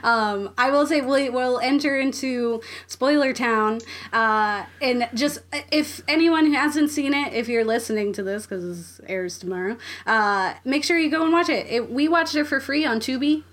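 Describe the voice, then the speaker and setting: A woman with a fairly high voice hosting a casual podcast chat. She talks loosely and breaks into giggles often. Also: moderate pace, few pauses, fairly bright tone. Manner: giggly, frequent laughter. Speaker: podcast host.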